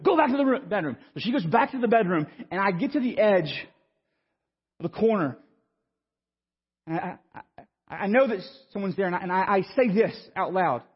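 A man, preaching a sermon and telling a story in an animated, stammering, self-mocking way. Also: sits high, normal speed, pauses often, breathy edge. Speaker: pastor. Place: church sanctuary. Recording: muffled sound with long hall reverb.

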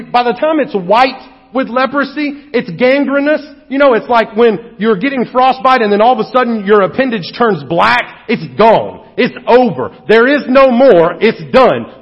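A male pastor preaching a sermon with animated, humorous storytelling, recorded in a church hall. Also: high-pitched, breathy edge. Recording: dull echoey hall recording.

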